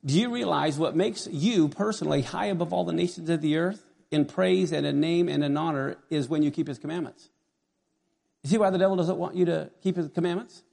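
A middle-aged man preaching a sermon as pastor, animated and conversational, often asking his congregation questions. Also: a little high, gravelly, slightly rough.

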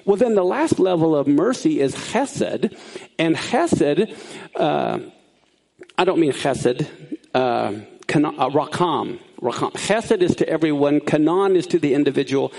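A man teaching a sermon, explaining Bible words in an animated way that swings up high for emphasis. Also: unhurried, vocal fry.

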